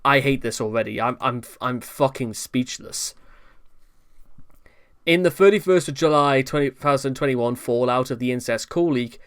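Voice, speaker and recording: A man's voice: mid-range voice, clean tone. Exasperated man narrating online commentary. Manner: exasperated, rambling with restarts. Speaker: commentary channel host. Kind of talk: commentary narration reading notes.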